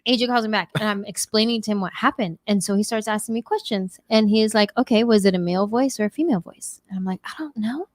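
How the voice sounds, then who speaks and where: A woman's voice: mid-range voice, fast, hardly any pauses, no echo. A woman hosting a podcast, telling a story in casual chat and acting out quotes in exaggerated voices. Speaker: podcast host.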